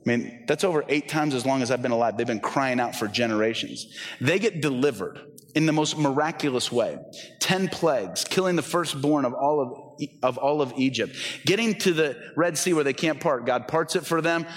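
A pastor in his forties preaching a conversational, animated sermon in a church, often acting out the voices he quotes. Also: mid-range voice, moderate pace, long reverb tail. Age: 40s.

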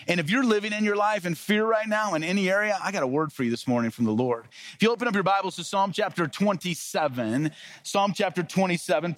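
A male pastor preaching a casual sermon, telling stories and acting out the quoted lines with lively energy. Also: high voice, no echo. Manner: storytelling with lively acted-out quotes.

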